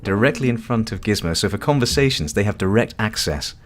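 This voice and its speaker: A man hosting a live game stream, his lowish voice swinging widely as he reacts. He swears freely and laughs often, talking animatedly with his co-player. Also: expressive, fairly quick, a little hiss or hum. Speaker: streamer host. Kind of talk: live game-play commentary.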